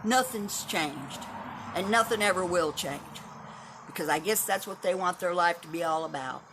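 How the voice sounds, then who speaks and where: A Texas woman in her seventies hosts a livestream from her home and yard, speaking at a moderate pace in a lowish voice over a noisy background. She talks straight to her viewers, casual, blunt, opinionated, and freely profane.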